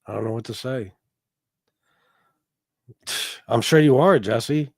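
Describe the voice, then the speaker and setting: A man's voice: medium pitch, slow pace, gravelly, darkish tone, no room sound, studio quality. Profane rambling man on a livestream. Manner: profane, rambling, mock-heartbroken; reads out and greets chat members. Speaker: livestream host. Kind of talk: casual livestream chat. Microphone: desk microphone.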